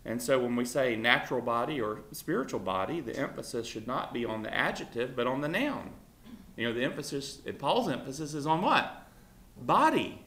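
A man's voice: medium pitch, lively intonation, a little fast, a bit bright. A man teaching an informal Bible class, talking conversationally with many fillers and putting questions to his students. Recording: roomy echo.

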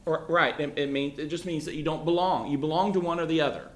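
A man's voice: a little high, steady tone, fast talker. A man leading a casual Bible class, talking emphatically with many restarts and "you know" fillers. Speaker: Bible study teacher. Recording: echoey room.

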